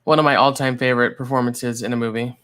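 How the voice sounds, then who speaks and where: A co-host chatting casually during a movie watch-along, agreeable and quick to laugh. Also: medium pitch, fairly even intonation, fairly bright tone, a little hiss or hum. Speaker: podcast co-host.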